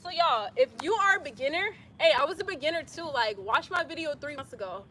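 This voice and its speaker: A young woman talks casually to her live-stream viewers between exercises. Her voice sits high and sounds bright. She giggles often and repeats phrases, recorded on a phone camera. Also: lively intonation, quick pace, a little hiss or hum. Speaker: livestreamer reading chat comments.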